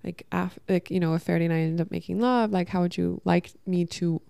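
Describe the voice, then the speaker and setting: A young woman with a low, gravelly voice tells a personal story at home, rambling and emotional, stumbling over restarts and acting out what everyone said. Her tone is mellow and smooth, and the sound is close and dry. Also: fairly even intonation, a little fast, no room sound. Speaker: vlogger. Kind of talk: candid storytelling to camera.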